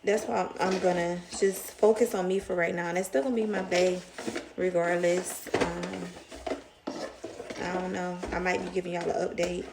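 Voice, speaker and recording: A woman's voice: lowish voice, flat delivery, normal speed, creaky, very noisy. A young woman with a Southern US accent, rambling emotionally in a casual storytime vlog. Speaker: vlogger.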